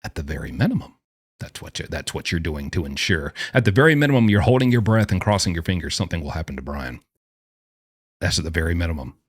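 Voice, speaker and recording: A man who is a former prisoner giving an animated, ranting commentary full of emphatic rhetorical questions. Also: low voice, fast talker, dry recording, studio quality. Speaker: vlogger and former prisoner explaining prison life.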